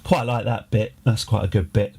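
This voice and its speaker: A man's voice: on the low side, fairly even intonation, normal speed, dark tone, breathy edge. A man chatting casually on a live stream, rambling and wry, with many restarts. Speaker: game streamer.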